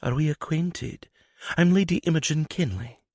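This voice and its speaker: A man voicing a sharp-tongued young noblewoman in an audiobook, with a prim, clipped manner. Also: fairly high pitch, moderate pace, no room sound, clean studio sound, voice pushed up. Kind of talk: audiobook character voice.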